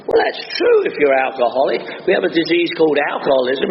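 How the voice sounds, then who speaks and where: A man's voice: on the high side, wildly swooping pitch, fast talker. Man, London accent, wisecracking recovery speaker, long hall echo, faint hiss. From northwest London, England. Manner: wisecracking storyteller, chatty with many asides. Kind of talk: humorous recovery talk. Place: meeting hall before an audience. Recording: dull reverberant hall recording with faint hiss.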